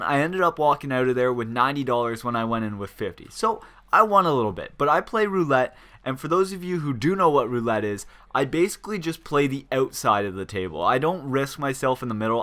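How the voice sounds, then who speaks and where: A young man telling a story in a casual, animated way, swearing and quoting his friends. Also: fairly high pitch. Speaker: vlogger.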